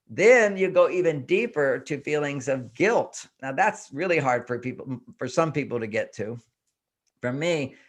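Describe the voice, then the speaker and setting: An older man, a guest on a talk show, explaining in earnest tones. He asks himself question after question and acts out the inner voices as he goes. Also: on the high side. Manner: self-questioning with repeated rhetorical questions. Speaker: guest relationship expert.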